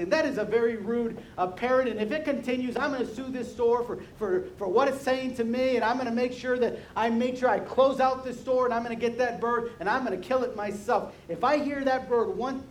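An outraged woman, played by a man telling a story, rants loudly and indignantly, piling up threats. His voice sits high and rings through a roomy hall, with a faint rumble underneath. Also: flat delivery, racing, few pauses, close to an everyday voice. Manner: indignant, loud, ranting threats. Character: furious offended woman threatening a shop owner.

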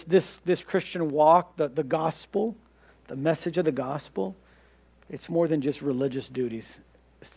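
High-voiced conversational male preacher. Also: a little mellow. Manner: conversational preaching with repeated words and rhetorical questions. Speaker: pastor. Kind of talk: sermon.

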